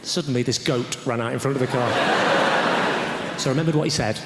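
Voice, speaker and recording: A man doing stand-up, telling a story that builds to shouting, and teasing the audience. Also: medium pitch, fast. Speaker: stand-up comedian. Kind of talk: stand-up comedy. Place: large theatre stage, live audience. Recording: echoey theatre with loud crowd noise.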